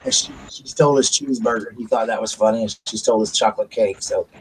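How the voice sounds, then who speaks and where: Speaking quickly in a low, steady voice, this middle-aged South Carolina man hosts a relaxed live stream. His casual chat drifts into long stories with asides and false starts. The low-quality recording carries a little hiss or hum.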